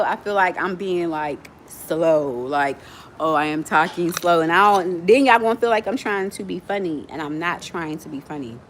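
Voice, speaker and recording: A woman of forty from Miami, chatting fast and playfully with viewers as host of her own livestream. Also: fairly low pitch, fairly bright tone, slight background noise. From Miami, USA. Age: 40s. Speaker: livestream host, nonprofit founder. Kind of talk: casual livestream chat with viewers.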